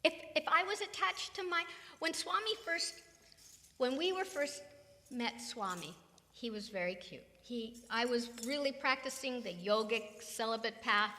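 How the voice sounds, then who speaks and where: A woman's voice: on the high side, animated, a little slow, pushed and bright. An older woman from California, giving an emphatic spiritual talk full of rhetorical questions, in a reverberant hall. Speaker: spiritual teacher. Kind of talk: satsang talk.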